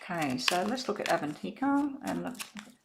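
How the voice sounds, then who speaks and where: A woman giving a live-stream tarot reading, talking in a relaxed, rambling way as she eats and sets out cards. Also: on the low side, fairly quick, creaky, background noise. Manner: relaxed, rambling, chats while eating. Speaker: tarot reader.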